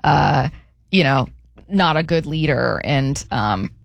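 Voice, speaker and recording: A woman's voice: sits low, lively intonation, slow pace, vocal fry, dry recording. A woman hosting a sports radio show from a studio, talking in a chatty, bubbly way. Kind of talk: casual sports talk. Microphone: studio mic.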